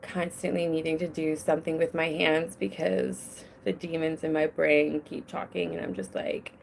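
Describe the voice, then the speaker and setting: Recording from home with kids around, this young podcast host talks alone in a low, gravelly voice at normal speed and a level tone. Her delivery wanders and fidgets, frequently breaking off partway through a thought, over a little background noise.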